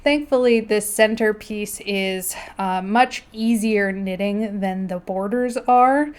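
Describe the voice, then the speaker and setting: A woman's voice: medium pitch, slow, smooth. A woman hosting her knitting video at home, chatting casually and laughing often as she shows her work. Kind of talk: casual chat. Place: indoors at home.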